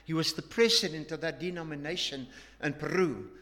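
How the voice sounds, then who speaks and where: Earnest preacher in a reverberant hall. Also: male voice, on the high side, fairly quick. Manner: earnest, emphatic, with frequent restarts and hushed drops. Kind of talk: sermon with storytelling.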